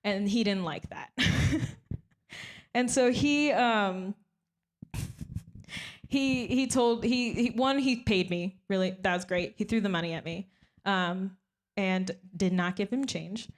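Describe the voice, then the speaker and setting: A young woman performing a stand-up comedy set, deadpan and self-mocking, often breaking into little laughs. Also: medium pitch, takes it slowly, pauses often.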